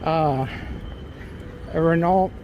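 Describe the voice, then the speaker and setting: A man's voice: a little high, drawn-out words, lo-fi sound, a little hiss or hum. Rambling middle-aged man vlogging outdoors. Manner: rambling and chatty, with lots of fillers and joking asides. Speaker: travel vlogger and channel host. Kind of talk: casual walking commentary. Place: outdoors on a city sidewalk, then in a small car. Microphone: handheld phone camera.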